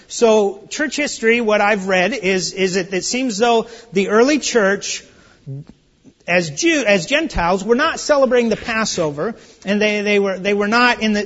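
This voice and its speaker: High-voiced man preaching with big swings. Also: dull audio. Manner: swings from soft and low to loud, high exclamations; conversational, with restarts and asides. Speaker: pastor. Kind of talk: expository sermon.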